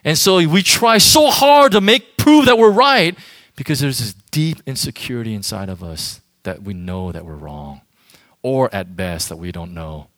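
A man's voice: mid-range voice, lively intonation, normal speed, a bit bright, dry recording, clean studio sound. A man giving an informal sermon to a youth group as their pastor, talking directly and emphatically to the audience.

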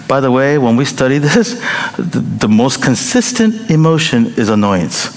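A man's voice: mid-range voice, sing-song, normal speed. A middle-aged male pastor preaching a sermon in a playful, joking way, chuckling often. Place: large church hall. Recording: reverberant hall with faint noise.

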